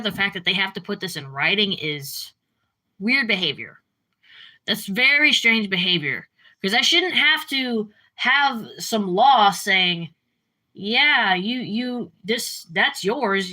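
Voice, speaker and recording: A woman streamer chatting casually with her live chat, rambling and jumping up in pitch when she gets worked up. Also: bright, forceful tone. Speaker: livestreamer.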